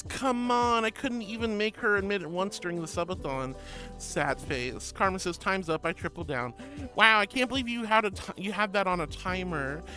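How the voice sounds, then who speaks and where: Her voice is medium-pitched and fairly bright as this VTuber chats through a casual stream. Reading viewer messages aloud, she's giggly and affectionate, calls people honey and sweetie, and tends to ramble and say the same things again.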